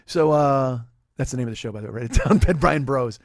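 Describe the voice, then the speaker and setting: A man's voice: medium pitch, fast. A man in his forties, a podcast host, telling a rambling, profane, self-deprecating comedic story. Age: 40s.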